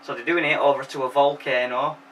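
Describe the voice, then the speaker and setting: A man's voice: mid-range voice, level tone, brisk, fairly bright tone, recorded from a distance, low-quality recording. Brief: young male host, jokey sweary film recap, faint background hiss.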